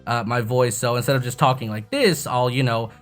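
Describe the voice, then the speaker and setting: Brief: casual young male tutorial host, profane and self-mocking, bassy desk mic, faint music underneath. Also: fairly quick. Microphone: desk microphone with bass-boosting EQ.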